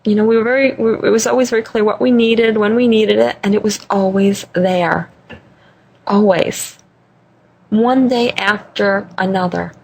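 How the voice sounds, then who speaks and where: A woman guest in an interview, telling a personal story in an animated way, laughing often and repeating phrases for emphasis. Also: mid-range voice, normal speed, vocal fry. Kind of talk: conversational storytelling.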